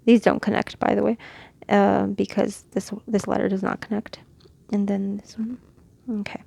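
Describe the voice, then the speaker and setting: A woman from Mexico teaching letters and their sounds in a casual, patient lesson, demonstrating each sound slowly. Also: medium pitch, level tone, creaky, mellow. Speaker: Quran reading teacher.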